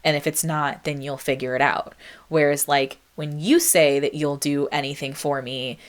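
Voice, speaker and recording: A young woman with a low-pitched voice talks through a solo podcast episode. She is reflective and chatty, full of ums and likes, and she reads out her old song lyrics as she goes. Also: steady tone, moderate pace. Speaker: podcast host. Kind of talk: casual solo podcast monologue.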